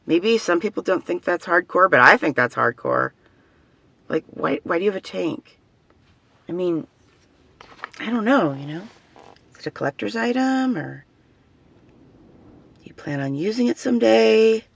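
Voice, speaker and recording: Talking to camera for a casual personal vlog, a vlogger who has facial tics rambles chattily, trailing off and restarting sentences. The medium-pitched voice is expressive, creaky, and a bit bright, at a moderate pace with long pauses and no room sound.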